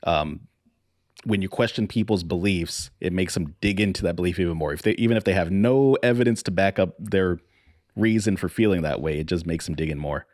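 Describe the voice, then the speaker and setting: Deep-voiced man leading a podcast chat. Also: brisk, a little mellow, no room sound, clean studio sound. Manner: easygoing, asks the others questions. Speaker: podcast host leading the discussion. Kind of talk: casual podcast discussion.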